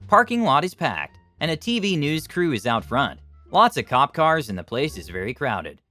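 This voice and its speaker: A man reading online stories aloud and then commenting on them, in a lively storytelling manner. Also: mid-range voice, no room sound. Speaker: story channel narrator.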